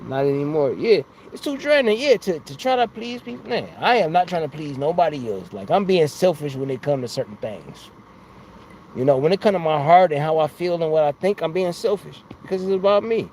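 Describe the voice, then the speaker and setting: Man, higher-pitched, slangy casual live-stream talk, rambling, faint background noise. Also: sing-song, a little fast, darkish tone. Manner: rambling, slangy, laughs often. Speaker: livestream host.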